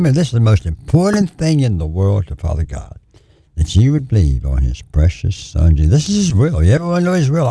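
A preacher man with a deep, husky voice and a dark, gravelly tone. He pleads earnestly, repeats his phrases for emphasis, and swings widely in pitch. The sound is dry and close. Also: no echo. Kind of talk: call-in ministry sermon.

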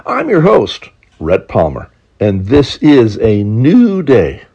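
Slow gravelly radio host. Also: male voice, medium pitch, huge pitch swings, mellow. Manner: slow, drawn-out delivery. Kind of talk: program sign-off. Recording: dull lo-fi radio audio.

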